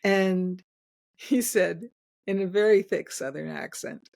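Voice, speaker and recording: Older woman telling stories, low voice. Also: slow pace, gravelly, darkish tone. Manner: chatty, laughs often, many restarts. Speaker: guest, inventor. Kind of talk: storytelling in casual interview.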